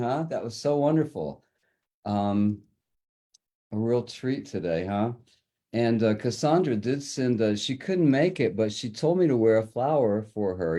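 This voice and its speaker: A jovial male host chats between readers and keeps the livestream moving. His voice is low and mellow. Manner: jovial, chatty. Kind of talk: livestream hosting.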